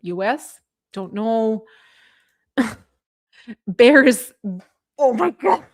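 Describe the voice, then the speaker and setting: A woman's voice: fairly high pitch, lively intonation, drawn-out words. A woman hosting a casual political livestream, reading viewer comments and chatting with a sarcastic edge, laughing often. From Canada. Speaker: livestream host reading chat.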